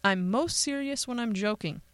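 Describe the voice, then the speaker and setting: A woman's voice: on the high side, moderate pace, no room sound. A woman hosting a radio show, talking casually and playfully with joking, chatty asides in a studio. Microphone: studio microphone.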